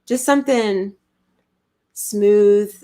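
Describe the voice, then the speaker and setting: A woman's voice: mid-range voice, very slow, warm tone. A woman co-hosting a casual podcast chat, playful and teasing, with frequent giggles. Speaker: co-host.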